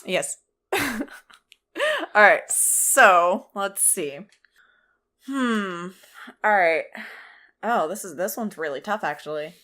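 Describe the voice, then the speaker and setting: A young woman co-hosting a podcast, chatting casually over a card game, hesitant and quick to laugh. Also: medium pitch, animated, sharp tone. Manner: giggly, hesitant, trails off. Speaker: podcast co-host, judge.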